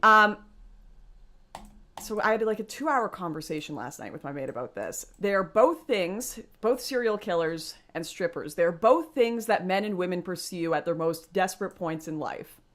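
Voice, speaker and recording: A young woman talks straight to her viewers on a casual livestream, rambling and laughing often. Her voice sits a little low, and she speaks into a computer mic. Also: lively intonation, moderate pace, fairly bright tone. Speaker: livestream host.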